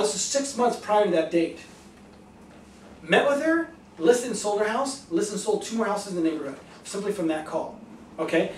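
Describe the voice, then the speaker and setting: A man giving a lively sales seminar talk to an audience, acting out phone calls with enthusiasm. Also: high-pitched, normal speed, a little hiss or hum. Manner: enthusiastic, animated, acts out both sides of calls. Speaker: real estate agent giving a sales talk. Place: meeting room in front of an audience. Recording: echoey room, mic from a distance.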